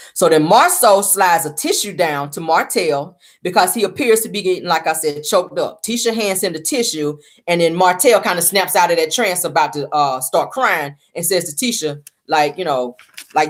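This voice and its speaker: Woman chatting through a show recap. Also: low-pitched. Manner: chatty, addresses viewers as y'all, retells quotes. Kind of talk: casual reality-show recap.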